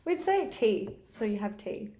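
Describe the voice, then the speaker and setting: A woman's voice: medium pitch, a little slow. A young woman, chatting as a guest and telling stories animatedly, with lots of laughter. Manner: animated storytelling with frequent laughter and "like". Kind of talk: casual chat.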